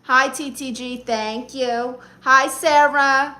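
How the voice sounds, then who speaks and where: A woman's voice: high-pitched, steady tone, slow pace, bright, forceful tone. A woman from Brooklyn with a New York accent, casually chatting on a live stream and firing sassy comebacks at viewers. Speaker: comedian live-streamer reading chat.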